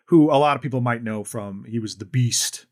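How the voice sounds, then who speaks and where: A man's voice: medium pitch, moderate pace. A man co-hosting a podcast in casual chat, recapping a film in a rambling way, full of restarts. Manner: rambling, with many fillers and restarts. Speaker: podcast co-host.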